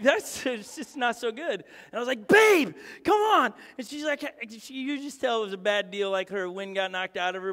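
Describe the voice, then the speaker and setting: A pastor in his thirties telling a comic story in a sermon, animated and joking. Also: sits high. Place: church hall. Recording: long hall reverb.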